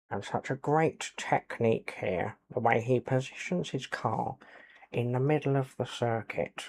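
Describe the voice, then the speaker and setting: A man giving soft-spoken ASMR commentary over a racing game, quiet and low-key, with dry jokes. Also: vocal fry, slight background noise. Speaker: gaming channel host.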